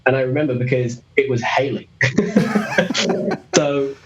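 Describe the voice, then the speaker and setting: A man's voice: medium pitch, slow pace, over a noisy crowd, low-quality recording. A young British man telling a story as an interview guest, rambling, laughing often and restarting his sentences. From Britain. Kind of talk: casual storytelling.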